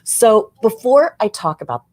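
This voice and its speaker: A woman's voice: fairly high pitch, very animated, unhurried, dry recording. A woman hosting a live interview, drawing out her guest with encouraging remarks. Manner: warm affirming interviewer, frequent mm-hmms. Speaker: host.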